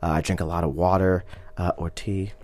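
A man's voice: low-pitched, level tone, a little fast, a little mellow, no room sound. A young man, an actor, chatting casually as an interview guest, laid-back and goofy, laughing often.

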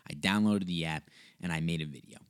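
A man's voice: sits low, brisk, smooth. A young man hosting a podcast, telling a story in a rambling, casual way, with tangents and swearing. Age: young adult. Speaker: podcast host.

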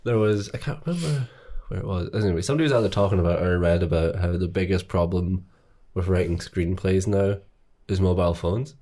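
A man's voice: low voice, fairly quick, warm tone. A man co-hosting a podcast, chatting casually with dry, wry jokes and chuckles. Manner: dry, wry jokes, laughs at own lines. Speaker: podcast co-host. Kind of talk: casual chat about films.

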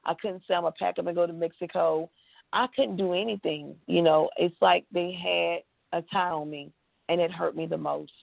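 A woman's voice: fairly low pitch, fairly even intonation, normal speed, gravelly, no echo. A woman with a Texan accent, an interview guest, telling her story with feeling and acted-out quotes. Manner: emotional, tells it with acted-out quotes. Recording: tinny phone line.

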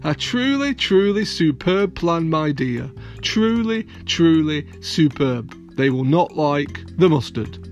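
A man's voice: on the high side, big pitch swings, soft background music. A man doing a genial old lighthouse keeper. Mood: agreeable. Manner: courteous, drawn-out agreement.

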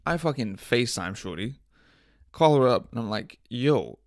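A man's voice: medium pitch, expressive, normal speed, dry recording, studio quality. A young man hosting a casual solo podcast, telling stories in profane slang and laughing often. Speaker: podcast host.

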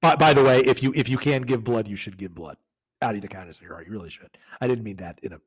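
Husky, easygoing podcast man. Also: mid-range voice, fast talker. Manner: easygoing, laughs often. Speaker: podcast co-host. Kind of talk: casual comedic chat.

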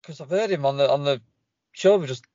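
A man's voice: fairly high pitch, a little fast, warm tone, dry recording, dull audio. A man co-hosting a casual podcast from his parked car, laid-back and a bit sheepish, often laughing. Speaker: podcast co-host.

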